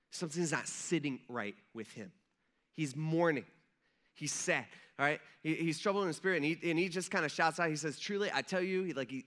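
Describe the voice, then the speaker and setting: A man's voice: fairly high pitch, sharp tone. A young adult male pastor preaching a casual, storytelling sermon, acting out the voices of people in the story.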